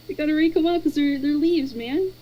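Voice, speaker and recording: A woman streamer chatting as a guest with dry, deadpan humor. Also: high voice, low-quality recording. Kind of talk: casual chat.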